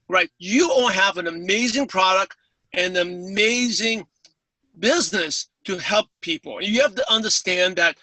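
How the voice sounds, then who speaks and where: A man from New York with a New York accent and a lisp, talking fast and eagerly as a guest speaker on a webinar call. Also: sits high, sharp tone, no room sound, recorded from a distance, poor audio. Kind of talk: webinar talk.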